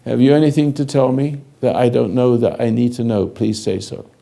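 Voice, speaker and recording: Older man, spiritual teacher, slow commanding lecture, raspy fry, dark tone. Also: medium pitch, steady tone. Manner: slow, halting, commanding, speaks directly to a listener.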